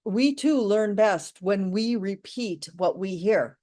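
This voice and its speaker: Woman English teacher, live online class, unhurried and encouraging. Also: mid-range voice, mellow. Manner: slow, deliberate, encouraging delivery.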